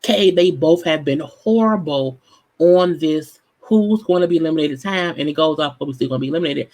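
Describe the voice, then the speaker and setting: A vlog host runs through a casual recap of a dating show, talking in a blunt, profane, exasperated way. The voice sits at a middle pitch and keeps up a running commentary throughout. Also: fairly quick, a little mellow, poor audio.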